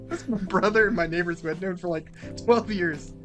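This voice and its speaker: Young male podcast host, slightly higher voice, light music underneath, lively swearing storyteller. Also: a little fast. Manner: animated, swears freely, acts out quotes. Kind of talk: casual storytelling.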